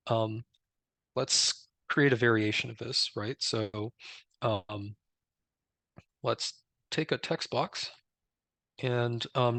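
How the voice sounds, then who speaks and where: A man presenting a live software demo, explaining step by step in a relaxed way with many fillers. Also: medium pitch, gravelly, no echo. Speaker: presenter demoing a tool.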